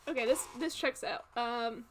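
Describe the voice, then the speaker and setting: High-voiced woman running the game. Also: normal speed, very noisy. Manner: laid-back, filler-heavy. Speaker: game master.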